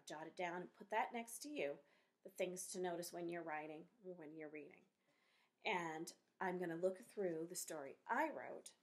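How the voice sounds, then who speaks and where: Creaky-voiced woman teaching phonics. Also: mid-range voice, a little mellow. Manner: slow, encouraging, spelling out letters and sounds. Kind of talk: recorded phonics lesson for young pupils.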